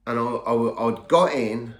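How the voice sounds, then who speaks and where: A man's voice: mid-range voice, a little slow, fairly bright tone. A middle-aged man telling his own story in a casual, rambling way, often repeating and restarting words. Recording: echoey room.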